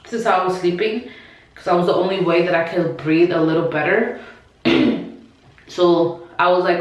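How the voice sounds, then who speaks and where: A woman with a lowish, steady voice talks at a moderate pace over lo-fi audio, telling her followers a personal story. It's casual chatter packed with "like," restarts and acted asides, recorded in a room with lots of echo.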